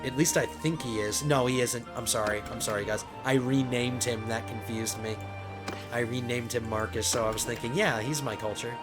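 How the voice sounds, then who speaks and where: A man talks through his strategy game in a casual let's play, thinking aloud and getting excited, often stumbling and restarting his sentences. His voice sits at an ordinary pitch. Game music plays clearly underneath him. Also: normal speed. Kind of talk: casual gameplay commentary.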